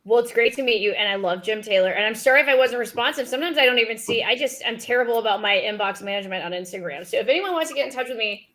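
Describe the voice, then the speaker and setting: Woman podcast guest, slightly high voice, upbeat and self-mocking. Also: racing, few pauses, fairly bright tone. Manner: bubbly, self-deprecating, lots of fillers. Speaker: podcast guest, food blogger. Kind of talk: casual chat.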